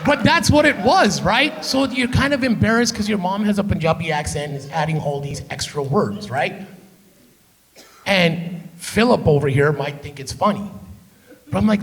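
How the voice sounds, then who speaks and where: Loud, profane comedian with a gravelly edge. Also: male voice, sits high, expressive, moderate pace. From Canada. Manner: loud, profane, keeps asking "right?". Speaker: stand-up comedian. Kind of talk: stand-up storytelling. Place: theater stage.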